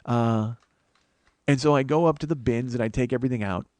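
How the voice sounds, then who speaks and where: A man's voice: mid-range voice, brisk, darkish tone, no echo. A man, a comedian and podcast host, telling a profane, exasperated comic story.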